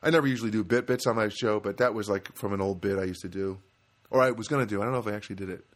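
A man's voice: fairly low pitch, very fast. Male comedian host from New Jersey, rambling casual monologue. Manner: rambling, many restarts, animated asides.

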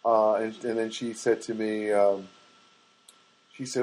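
A man's voice: lowish voice, little pitch movement, a little slow, long pauses, a little mellow, poor audio. A man in his fifties rambling through comic stories with exasperation, acting out phone calls.

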